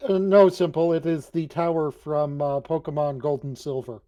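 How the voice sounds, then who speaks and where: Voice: medium pitch, steady tone, normal speed, dark tone. A player in a tabletop game, asking the game master questions with hesitant starts and fillers.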